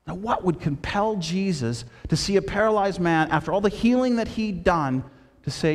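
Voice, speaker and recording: A man preaching in a big, reverberant hall, his voice sitting a little high for a man. He tells the story with energy and drops to a soft, low tone for the quoted words. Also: expressive, moderate pace. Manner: storytelling with quoted voices, shifting between loud and hushed. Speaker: pastor. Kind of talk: sermon.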